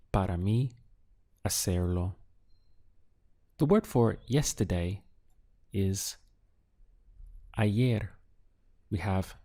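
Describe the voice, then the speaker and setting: A man whose first language is Spanish, giving a slow audio language lesson and drilling phrases with patient pauses. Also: fairly low pitch, warm tone. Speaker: Spanish tutor.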